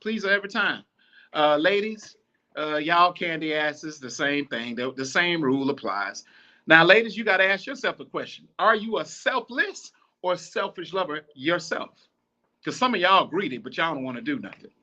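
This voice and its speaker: A man's voice: fairly high pitch, moderate pace, pushed and bright, highs cut off. A man hosting a podcast, giving blunt, profane advice in a casual, preachy, repetitive monologue. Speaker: podcast host.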